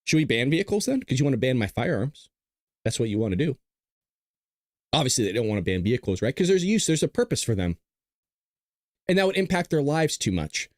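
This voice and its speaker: A blunt, combative man riffs to his live chat. His pitch swings widely as he talks. The sound is dry and close, and he keeps clearing his throat. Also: very animated, a little fast, pauses often, no echo. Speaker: show host. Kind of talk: livestream commentary to a chat.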